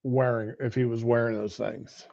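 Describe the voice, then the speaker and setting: A man's voice: medium pitch, level tone, normal speed, vocal fry, a little mellow. A middle-aged man giving casual political commentary on a livestream, rambling and conversational. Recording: lo-fi stream audio.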